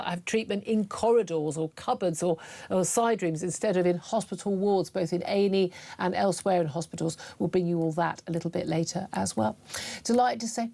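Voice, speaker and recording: A woman's voice: lowish voice, vocal fry, darkish tone. Forthright woman talk radio host. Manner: forthright, emphatic, with frequent fillers. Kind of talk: opinionated talk radio monologue.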